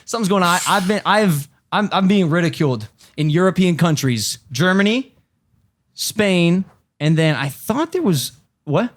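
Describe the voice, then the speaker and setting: A man's voice: high voice, lively intonation, moderate pace. A man co-hosting a podcast who is sick, joking loosely and reading an ad in a hyped-up voice. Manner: joking, loose, reads ad in hype voice. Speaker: podcast co-host. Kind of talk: casual podcast banter and ad read.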